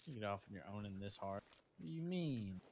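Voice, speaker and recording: Deep-voiced teasing woman gamer on a noisy mic. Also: lively intonation, fairly quick, a little mellow. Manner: teasing, joking. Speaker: streamer playing a battle royale game. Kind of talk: casual gaming chat.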